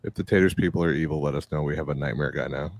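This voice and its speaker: A man playing in a tabletop game, wry and joking, with a deadpan delivery. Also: rumbling low, very fast, dry recording. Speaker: player. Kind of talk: casual tabletop play.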